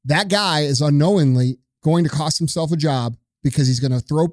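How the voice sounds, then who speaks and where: Casting: male host, lecturing and profane, slightly high voice, dry mic. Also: moderate pace, darkish tone, no echo. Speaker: podcast host. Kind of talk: opinionated rant.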